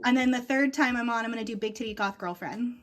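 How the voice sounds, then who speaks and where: A woman's voice: on the high side, fast, music in the background. A woman co-hosting a casual tabletop-games chat show, bubbly and candid, laughing often. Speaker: co-host. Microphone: home setup on a live stream.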